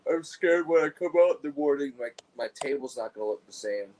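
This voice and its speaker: A man's voice: mid-range voice, animated, brisk, a little mellow, poor audio. A man talking casually and profanely, rambling through stories about his work as a store clerk. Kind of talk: casual chat.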